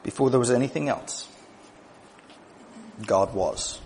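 A man preaching a sermon, moving between quiet, low asides and raised, emphatic declarations, with conversational "right?" asides. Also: slow, a little hiss or hum.

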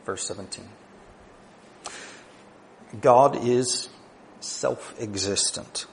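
A man preaching a sermon, moving between quiet, low asides and raised, emphatic declarations, with conversational "right?" asides. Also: drawn-out words, creaky, a little hiss or hum.

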